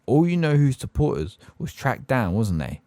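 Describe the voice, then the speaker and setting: An excitable, gossipy young bus conductor, pitched higher than the narrator and lively in tone, as a man reads him for an audiobook. He rambles and keeps fishing for agreement, and the sound is dry and close. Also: normal speed, no echo, lightly acted. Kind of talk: audiobook character voice.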